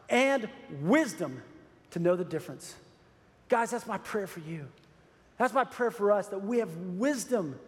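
Speaking in a high, slightly mellow voice, a man delivers a sermon as pastor of a church. The sanctuary's long reverb carries his earnest, pressing tone as he repeats phrases for emphasis.

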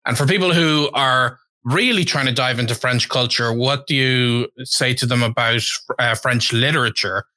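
A man hosting a casual interview who asks curious questions and fills his pauses with uhs and ums. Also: mid-range voice, pushed and bright, dry recording. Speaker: host.

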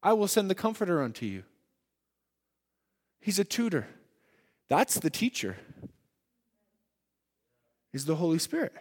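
In a church hall with long reverb, a male preacher with a high-pitched voice delivers his sermon. His delivery alternates between forceful, loud proclamations and quiet, whispered asides.

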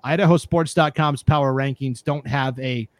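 A man hosting a casual high school sports podcast. He is animated and easily fired up, and he rants about what bothers him. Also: moderate pace, dry recording. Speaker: podcast host.

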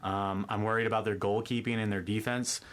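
A man talking sports in casual chat, measured and explanatory, with many ums. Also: fairly low pitch, level tone. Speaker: sports pundit.

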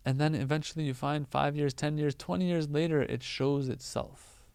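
Male preacher, relaxed conversational sermon, crisp clear tone, dry close sound. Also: fairly high pitch, moderate pace, no echo. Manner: conversational, animated teaching with everyday examples.

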